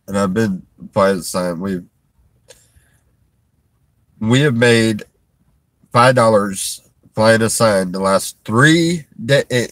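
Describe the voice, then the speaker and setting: A man speaks to his stream viewers in a somewhat low voice, halting and strained. He restarts his sentences and sighs between them. He is sitting in a vehicle in a store parking lot. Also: a bit bright, no echo. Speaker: livestreamer. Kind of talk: emotional livestream talk to viewers.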